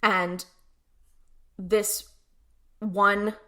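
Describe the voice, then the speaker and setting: A woman's voice: mid-range voice, flat delivery, drawn-out words, bright, forceful tone. A young woman co-hosting a podcast, recapping an episode in casual chat full of fillers. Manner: chatty recap with many fillers and acted-out quotes. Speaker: podcast co-host.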